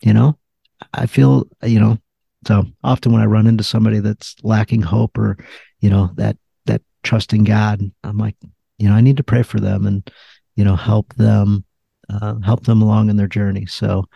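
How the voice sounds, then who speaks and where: A man hosting a faith podcast talks in a halting way and keeps leaning on "you know". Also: fairly low pitch, little pitch movement, gravelly, mellow, breathy edge, no echo, dull audio. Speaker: podcast host. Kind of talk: casual faith conversation.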